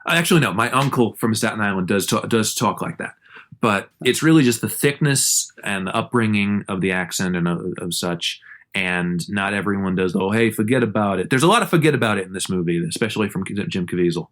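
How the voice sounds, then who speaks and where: Low-ish guy cohosting a movie podcast, rambly, keeps restarting, pitch jumps up when he gets into it. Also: fairly quick, a bit bright. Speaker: podcast co-host. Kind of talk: casual film discussion.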